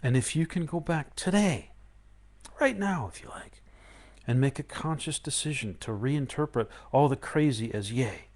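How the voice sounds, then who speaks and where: A man giving a live-streamed spiritual talk, animated and playful, often acting out excited inner voices. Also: medium pitch, moderate pace. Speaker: spiritual teacher.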